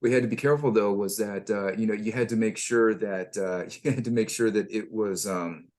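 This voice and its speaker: A man, a former tank crewman, telling army stories casually, halting and repeating himself. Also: fairly low pitch, a little mellow. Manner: halting, many restarts and fillers. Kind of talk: casual storytelling.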